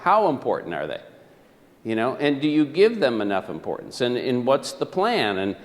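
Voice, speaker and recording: Animated male motivational speaker, echoey hall. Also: medium pitch, normal speed. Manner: animated, questions the audience, storytelling. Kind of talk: live motivational presentation.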